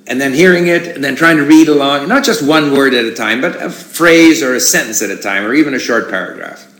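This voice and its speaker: Relaxed man talking in an echoey room. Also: medium pitch. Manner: relaxed, rambling, with many restarts and fillers. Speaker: conference speaker answering questions. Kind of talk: casual spoken talk with audience questions.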